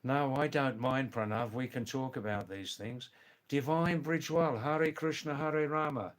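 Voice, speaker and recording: Man, live-stream host, mid-pitched, seated, chatty with his viewers. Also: measured pace. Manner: greets viewers by name, repeats exclamations. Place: seated indoors.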